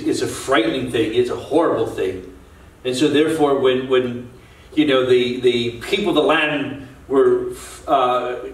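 A man's voice: medium pitch, distant mic. A male pastor preaching an earnest sermon, repeating and restarting phrases as he builds his points. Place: church sanctuary. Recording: echoey church, voice from off-mic.

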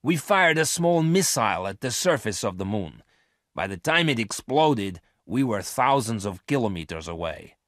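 A man voicing a scheming male space thief who speaks sharply and forcefully, in a dry, close recording. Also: fairly low pitch, sing-song, moderate pace, dry recording. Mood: commanding.

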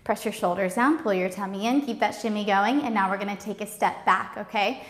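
A woman's voice: medium pitch, fairly quick. A woman teaching a live-streamed belly dance class, counting steps and calling out cues in a bubbly way. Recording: roomy studio with music behind.

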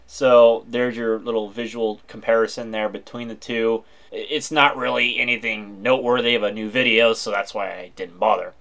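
A man narrating a screen-recorded software walkthrough in a chatty, informal way with wry asides. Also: fairly low pitch, steady tone, normal speed, vocal fry. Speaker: tech video host.

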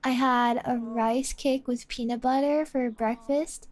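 A chatty young woman with a somewhat high voice, talking casually and excitedly. She rambles from one tangent to the next, full of fillers and quick restarts. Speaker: streamer. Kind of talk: casual chat.

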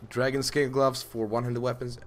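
A young man giving live gameplay commentary, swearing constantly and jumping from low muttering to loud outbursts at enemies. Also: little pitch movement, brisk, noisy background. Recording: loud game music behind the voice. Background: loud game music.

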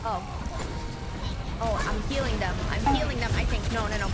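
A woman streaming a game, chatting excitably with teammates and viewers, swearing often and breaking into sudden shrieks. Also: on the high side, moderate pace, long pauses. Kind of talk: live game stream commentary. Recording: game music behind the voice. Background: game music and sound effects.

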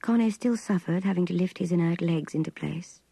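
An older woman narrating a literary novel in a hushed, intimate, measured voice. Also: fairly low pitch, vocal fry, slightly rough, no room sound, poor audio. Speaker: reader.

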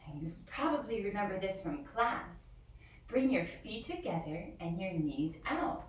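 A woman teaches yoga to small children in a slow, gentle voice, her pitch rising and falling in a sing-song way. She is recorded from a distance in a very echoey room. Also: sing-song, a little hiss or hum. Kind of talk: guided yoga lesson for young children.

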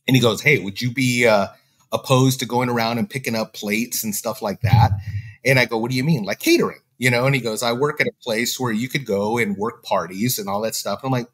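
A man's voice: mid-range voice, brisk. A man telling a story in casual talk, acting out the voices of the people he quotes. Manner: animated, acts out quoted dialogue. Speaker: podcast guest.

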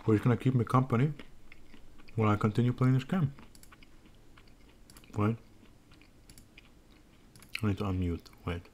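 A man's voice: lowish voice, normal speed, long pauses, a little mellow, slight background noise. A young man giving loose, profane let's-play commentary at home while eating, close on a desk microphone. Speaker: streamer.

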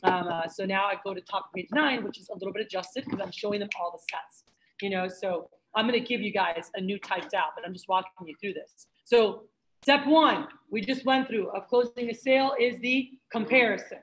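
A young woman leading a sales training session, talking fast and chatty and acting out customer exchanges for her trainees. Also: medium pitch, a little hiss or hum, rough recording. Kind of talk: sales training talk to a group. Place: office room with trainees.

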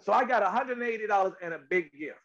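Animated storytelling man, lo-fi sound. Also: high-pitched, fast. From North Carolina, USA. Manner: animated storyteller, repeats words, acts out quotes. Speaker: actor guest. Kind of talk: storytelling interview.

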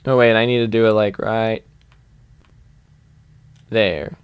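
A young man commentating his game in a loose, rambling way, giggling and thinking out loud. His voice is smooth and resonant, close on the mic. The sound is dry, with no room around it. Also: lowish voice, fairly even intonation, slow pace, no room sound, lo-fi sound. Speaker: gaming YouTuber. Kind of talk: let's play commentary.

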